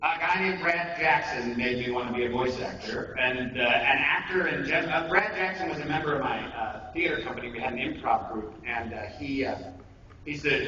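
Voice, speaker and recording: Heard from far away, a male voice actor rambles through a casual convention acting workshop, joking and poking fun at himself. His mid-pitched voice moves briskly, while the audio comes across dull, thick with room echo and constant background noise.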